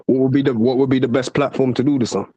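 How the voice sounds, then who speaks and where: A man's voice: medium pitch, fairly even intonation, fast talker, warm tone, slightly rough, no echo. A man chatting casually and playfully about imitating voices. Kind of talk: casual chat.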